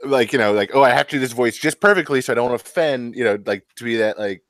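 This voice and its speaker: A man's voice: mid-range voice, fast, fairly bright tone, no room sound. A man co-hosting a podcast, asking rambling, filler-heavy questions in casual chat. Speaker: podcast co-host.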